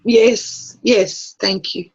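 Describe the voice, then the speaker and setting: A woman taking part in a coaching session, speaking softly and sincerely with some hesitation. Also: mid-range voice, fairly even intonation, extremely slow, slightly rough, lo-fi sound. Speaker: session participant asking questions. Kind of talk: casual conversation.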